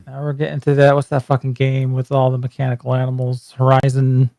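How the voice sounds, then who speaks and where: A man's voice: medium pitch, monotone, a little fast, creaky, dark tone, no echo. A man co-hosting a casual reaction chat, blunt and wry in a laid-back way. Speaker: co-host reacting to a trailer.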